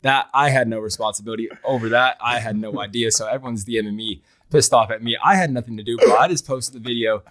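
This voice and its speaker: A man's voice: mid-range voice, quick pace, few pauses, fairly bright tone, no room sound, clean studio sound. A young man co-hosting a podcast, telling a story in an earnest, emotional way, full of fillers and "bro". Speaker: podcast co-host. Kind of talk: casual podcast chat.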